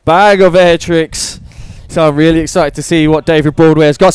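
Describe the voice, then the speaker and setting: A man's voice: a little high, fairly even intonation, moderate pace, darkish tone, clear, resonant tone, no room sound, rough recording. A man giving upbeat live play-by-play commentary at an outdoor wakeboard contest. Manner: upbeat play-by-play with trick names. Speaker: event commentator. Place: outdoor cable wakeboard park.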